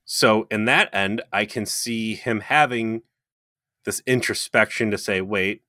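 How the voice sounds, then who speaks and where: A man's voice: on the low side, measured pace, pushed and bright, no echo, clean studio sound. A man co-hosting a podcast, chatting casually and analytically, with frequent ums and uhs. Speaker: podcast co-host. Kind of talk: casual review chat.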